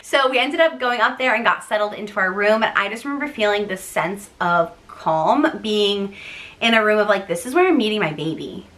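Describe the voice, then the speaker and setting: A young woman vlogger telling a long personal story in a chatty, animated way, acting out what others said. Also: mid-range voice, normal speed. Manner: chatty, animated, acts out quoted voices. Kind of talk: casual storytelling to camera.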